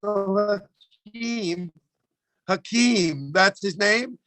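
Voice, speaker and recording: A man's voice: sits high, unhurried, creaky, a bit bright, faint music behind. A man co-hosting a call-in show, chatting loosely and comically, swearing and laughing as he goes. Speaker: comedian co-host. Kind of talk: casual comedic chat.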